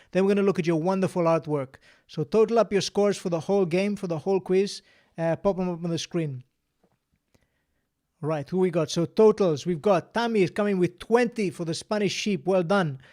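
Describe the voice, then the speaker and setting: Running a relaxed live-stream quiz, a male host with a high, somewhat mellow voice chats along, announces answers and scores, and laughs a lot.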